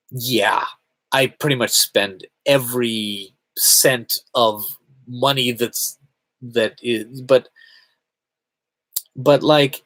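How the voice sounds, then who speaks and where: A man's voice: mid-range voice, fairly bright tone, no echo. A man chatting casually on a live game stream, answering chat in a rambling, self-reflective way.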